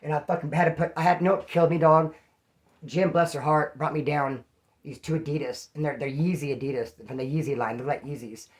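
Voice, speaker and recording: Fast-talking man telling a rough story. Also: on the high side. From California. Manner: profane, animated street slang. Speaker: vlogger. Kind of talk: casual storytelling to camera.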